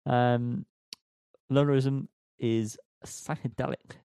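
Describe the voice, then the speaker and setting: A man's voice: medium pitch, steady tone, takes it slowly, creaky, dark tone, clean tone, dry recording. Male podcast co-host, casual and rambling, self-deprecating, dry close recording. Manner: rambling, self-mocking, lots of ums.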